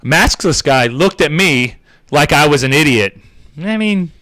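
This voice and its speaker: A podcast host rants in a loose, comedic way, full of sarcasm and swearing. His voice sits a little high and has a very bright, forward ring. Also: animated, measured pace. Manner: sarcastic, profane. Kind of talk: casual comedic rant.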